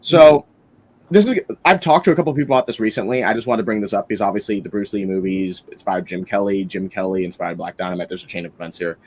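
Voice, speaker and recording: A man's voice: fairly low pitch, fast talker. A man hosting a casual film-review podcast, rambling enthusiastically with lots of fillers and restarts.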